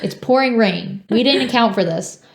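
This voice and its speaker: A woman's voice: on the high side, moderate pace, vocal fry, roomy sound. A young woman co-hosting a podcast, telling a long story in casual chat and filling it with "like". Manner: rambling storytelling, heavy "like" fillers. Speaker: podcast co-host.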